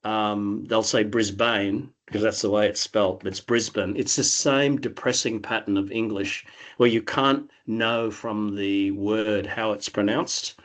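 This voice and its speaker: Middle-aged Australian guest, low voice, easygoing and rambling, heard over a video call. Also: male voice, measured pace. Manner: relaxed, rambling, with frequent restarts. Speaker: interview guest. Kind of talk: casual conversational answers.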